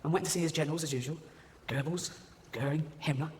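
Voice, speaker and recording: Sardonic stand-up, echoey hall. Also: male voice, on the high side, fast talker, slight background noise. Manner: mocking, sardonic, laughs at own jokes. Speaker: stand-up comedian. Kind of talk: live stand-up routine. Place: large live venue. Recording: echoey hall with loud audience.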